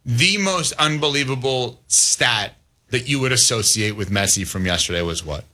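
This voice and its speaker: A man hosting a sports talk show, leading the discussion with brisk, joking banter. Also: medium pitch, animated, pushed and bright.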